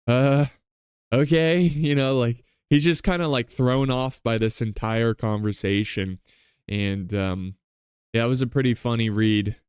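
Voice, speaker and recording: A podcast host talks through a book chapter in a loose, chatty way, retelling scenes with enthusiasm. His voice is smooth and clear, and the recording is close and dry. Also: mid-range voice, dry recording. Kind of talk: casual book-club recap.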